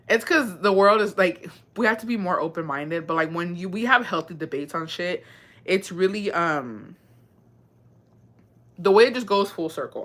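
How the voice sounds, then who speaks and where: A woman's voice: fairly low pitch, fairly bright tone. A woman chatting casually and bluntly, swearing freely and dropping Spanish phrases into her talk. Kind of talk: casual chat.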